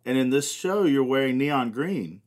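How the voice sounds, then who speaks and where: A man's voice: medium pitch, lively intonation, moderate pace. A man co-hosting a podcast, teasing the others and laughing often. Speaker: podcast co-host. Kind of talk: casual podcast chat.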